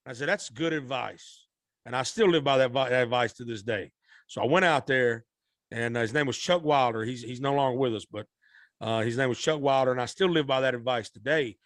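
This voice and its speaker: A man's voice: mid-range voice, fairly quick, a bit bright, no room sound, clean studio sound. A man, a musician guest telling a rambling, folksy story in a podcast interview. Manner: rambling, repeats and restarts, Southern-style folksy speech.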